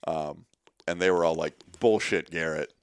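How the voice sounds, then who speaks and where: A man's voice: a bass voice, moderate pace, clean tone, no echo. A man in his thirties, a guest in a workshop, telling his story candidly and animatedly, swearing often and acting out quotes. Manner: swears a lot, animated retelling with quoted voices.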